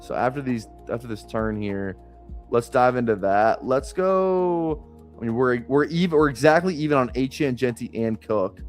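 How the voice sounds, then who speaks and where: A man's voice: mid-range voice, expressive, moderate pace, faint music behind. A man streaming fantasy football drafts live, chatting casually in a rambling way, swearing freely and chuckling often.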